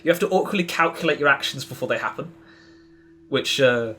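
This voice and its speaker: A man's voice: mid-range voice, animated, a little fast, sharp tone, slight background noise. A man as a podcast guest, explaining in a rambling way with many restarts. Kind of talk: casual podcast conversation.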